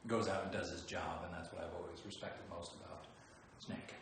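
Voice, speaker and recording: A man answering fan questions in a relaxed, joking livestream chat. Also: deep voice, fairly quick, gravelly. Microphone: phone some distance away. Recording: echoey room, voice from far off, faint background noise.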